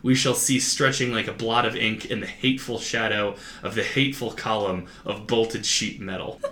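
A man with a bright, forward voice co-hosts a relaxed chat, reading quotes from his notes and laughing easily. His voice rings in a roomy, echoey space, and a faint hum of ambience sits behind it. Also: fairly low pitch, normal speed. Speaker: podcast co-host.

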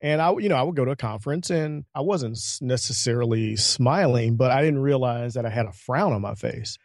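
A man speaking as a guest on a podcast, with a middle-pitched voice and a chatty, storytelling way of talking. He acts out the people in his stories as he goes. The sound is dry and close, with no room echo. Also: brisk. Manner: chatty storyteller, animated quoted dialogue. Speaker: podcast guest, networking coach. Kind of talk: casual interview talk.

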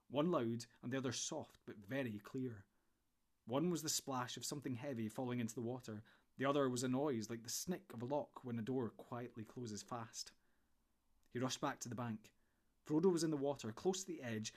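A man reading a storybook in steady, measured narration. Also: mid-range voice. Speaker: audiobook narrator.

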